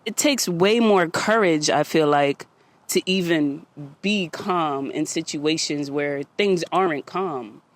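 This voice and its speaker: A woman's voice: sits low, slow. A woman hosting a podcast, talking casually and motivationally outdoors, a little out of breath, often asking "you get me?". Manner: chatty, repeats "you get me?". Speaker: podcast host.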